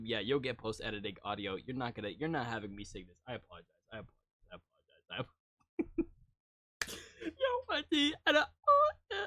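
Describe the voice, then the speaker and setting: A man casually talking through a live-stream reaction, teasing his viewers, laughing and jumping suddenly from quiet to loud. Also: medium pitch, dry recording, clean studio sound. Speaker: streamer reacting to music videos.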